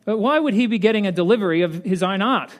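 A young woman artist, as a male preacher puts her on in a retold story. She speaks through a fairly high voice, lightly acted. The words carry her more than the voice does. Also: expressive, quick pace. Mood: puzzled. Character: young woman artist, curious then angry.

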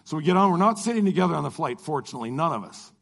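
A man's voice: fairly high pitch, very fast, creaky. A middle-aged man, a Christian lecturer, telling a personal travel story and acting out the dialogue. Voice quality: animated, acts out dialogue. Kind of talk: storytelling testimony.

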